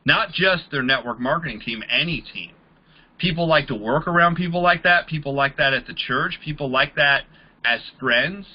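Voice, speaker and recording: A casual man coaching network marketing recruiters, voicing both sides of the conversations he walks through. His voice sits high for a man. The recording sounds a bit dull and lo-fi. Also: moderate pace. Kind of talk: training talk to a group.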